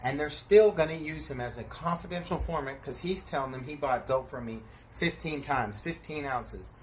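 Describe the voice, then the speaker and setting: Animated man telling a wild story. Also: fairly high pitch, normal speed, a little hiss or hum. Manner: animated, acts out voices and sound effects, swears freely. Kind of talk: casual storytelling.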